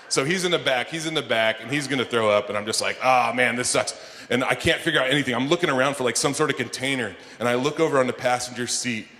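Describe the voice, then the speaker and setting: Man doing stand-up in a reverberant hall. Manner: animated, jumps into high-pitched shouted bits when acting out scenes. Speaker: stand-up comedian and keynote speaker. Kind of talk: stand-up comedy storytelling. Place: conference hall before a live audience. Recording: long hall reverb, faint room noise.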